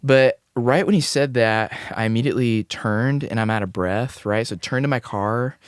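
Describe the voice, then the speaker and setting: A man's voice: mid-range voice, normal speed, smooth, dry recording, studio quality. A young man from Des Moines, a singer-songwriter guest on a podcast, telling a rambling anecdote with quoted dialogue. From Des Moines, Iowa. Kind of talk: casual storytelling interview.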